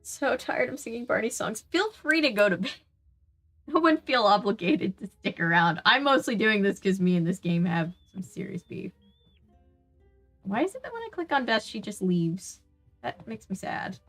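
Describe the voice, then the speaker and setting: A woman with a Southern US accent streams a video game, keeping up a casual, chatty running commentary. She sounds exasperated and argues with the game while talking to her viewers, her voice sitting at an everyday middle pitch. Faint game music plays behind her. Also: a bit bright. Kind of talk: casual let's-play commentary.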